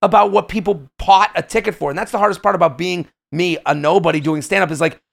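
A man in his thirties, a stand-up comedian as a podcast guest, telling animated stories about hecklers with sudden loud bursts. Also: sits high, fast talker, creaky. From United States. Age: 30s. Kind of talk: podcast interview storytelling.

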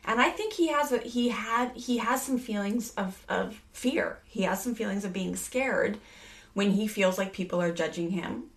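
A woman's voice: medium pitch, normal speed. A woman in her thirties, a parenting speaker, talking earnestly in a casual podcast conversation, rambling with many fillers and restarts.

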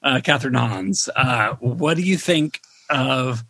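A man co-hosting a casual TV review chat, animated and quick to mimic his own reactions. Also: mid-range voice, gravelly, no room sound. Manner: animated, quotes reactions in raised voice. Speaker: podcast co-host.

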